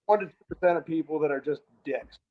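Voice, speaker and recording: Canadian guy on a muffled video call, easygoing, swears a lot, kinda higher voice. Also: quick pace. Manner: laid-back, swears freely, stammers on restarts. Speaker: guest artist. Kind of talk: casual video call interview.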